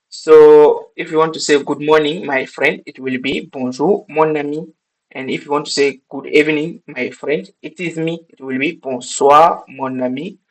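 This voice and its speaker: A man from Burkina Faso with a Burkinabe French accent, a native French speaker teaching an online lesson and repeating each phrase slowly, checking in with "okay?". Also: fairly high pitch, poor audio.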